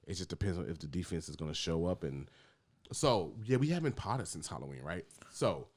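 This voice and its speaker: A man co-hosting a podcast, talking sports in casual chat, animated and swearing freely. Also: sits low, a little fast. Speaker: podcast co-host.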